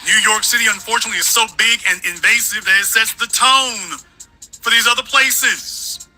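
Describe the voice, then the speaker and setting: A man's voice: high-pitched, moderate pace, pushed and bright, soft background music, rough recording. A man hosting a political commentary show, sarcastic and emphatic, repeating lines for effect. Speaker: host.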